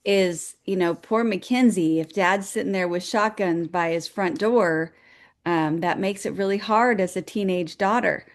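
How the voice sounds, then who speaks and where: A woman's voice: lowish voice, measured pace. A woman co-hosting a motivational show, giving upbeat, encouraging advice as numbered points. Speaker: co-host. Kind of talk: motivational talk.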